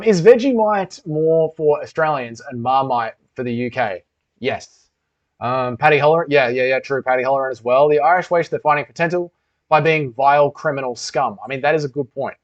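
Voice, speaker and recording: This young man hosts a casual livestream Q&A in a mid-range voice with lively intonation and a moderate pace. He reads messages from chat aloud and trades crude, heavily profane banter. The audio is dull lo-fi stream sound.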